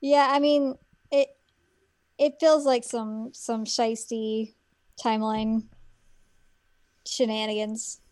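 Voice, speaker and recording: A woman's voice: fairly high pitch, little pitch movement, takes it slowly, pauses often, a little mellow. Young woman with dry, sardonic reactions. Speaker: podcast co-host. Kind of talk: casual chat.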